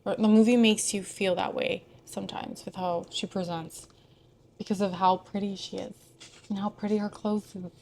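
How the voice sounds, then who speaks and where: A woman's voice: medium pitch, steady tone, moderate pace, a little mellow, slight background noise. A young woman from Houston chatting casually about films, digressive and full of asides. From Houston, Texas. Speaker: film vlogger.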